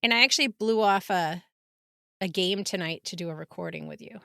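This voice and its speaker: A bright-voiced woman hosting a podcast, chatty and quick to laugh. She is recorded close and dry, and she tells her story with plenty of casual asides. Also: fairly low pitch, gravelly, dry recording. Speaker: podcast host.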